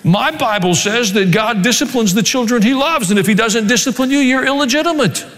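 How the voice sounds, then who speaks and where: A man preaching a sermon as pastor, reading scripture and adding dry joking asides in an animated way. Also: very high-pitched, brisk. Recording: long hall reverb.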